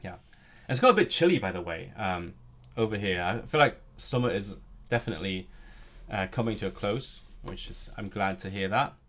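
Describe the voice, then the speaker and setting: A man with a lowish voice chats on a live stream. He rambles, restarts his sentences often and keeps an easy, casual flow. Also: expressive, normal speed, fairly bright tone. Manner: rambling, chatty, many restarts. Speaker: language streamer.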